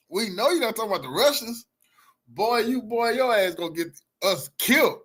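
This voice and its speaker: A man tears into a clip he is watching, loud and mocking, full of slang. His voice is husky and a bit high, and it swings wildly from shouts down to low mutters. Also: lively intonation, normal speed. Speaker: reaction streamer. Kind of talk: ranting reaction commentary.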